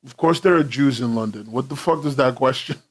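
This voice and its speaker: A man's voice: medium pitch, a little fast. A young man streaming from his home in London, rambling casually, laughing often and swearing freely.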